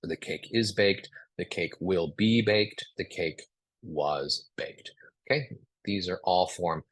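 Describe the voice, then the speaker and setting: A man teaching a live online writing class, acting out example sentences aloud in an animated way. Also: sits low, takes it slowly, no room sound. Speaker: writing instructor.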